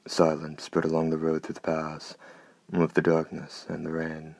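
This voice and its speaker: A man reads an audiobook in a steady, measured, unhurried manner. His voice is extremely deep and keeps a flat, even pitch. The recording is close and dry. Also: creaky, no echo. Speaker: narrator. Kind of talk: audiobook narration.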